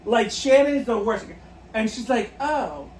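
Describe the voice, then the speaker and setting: A man with a very high, animated voice speaks at a measured pace while co-hosting a podcast, giggling through the stories he tells in casual chat. There's roomy echo, faint noise, and a distant mic on the recording.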